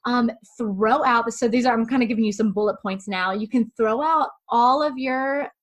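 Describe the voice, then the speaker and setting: A woman who is a professional writer, giving quick, chatty, emphatic advice as a guest in an interview. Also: a little high.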